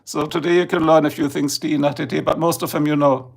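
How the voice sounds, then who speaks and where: A man's voice: fairly high pitch, steady tone, a little fast, creaky, breathy edge. A middle-aged man with a German accent, chatting casually and rambling on a livestream, just woken up. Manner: chatty, rambling, switches between English and German. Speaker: livestream host.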